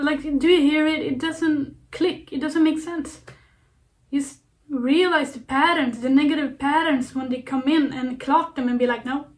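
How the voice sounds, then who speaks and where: High-voiced young woman giving pep talk. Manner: earnest, repetitive, playful self-talk with fillers. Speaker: vlogger. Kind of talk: casual self-help talk to camera.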